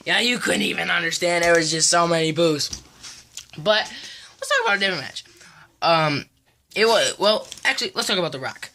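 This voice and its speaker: A woman excitedly recapping a wrestling event in play-by-play fashion, her voice leaping high and loud at the big moments, with lots of ums and restarts. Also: moderate pace. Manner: many fillers and restarts.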